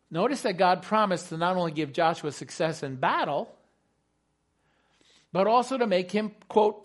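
A male preacher delivers a sermon with a fairly high voice. He talks emphatically and poses rhetorical questions to the congregation. He repeats his key points. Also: lively intonation, measured pace, long pauses, a bit bright.

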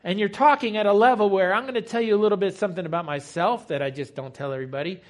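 A man's voice: high voice, very fast. A man preaching a teaching sermon in a conversational, explanatory way, asking rhetorical questions.

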